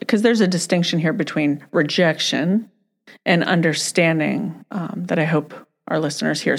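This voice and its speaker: A woman's voice: fairly low pitch, gravelly. A woman hosting a podcast who affirms her guest and speaks directly to listeners. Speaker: podcast host. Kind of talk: podcast conversation.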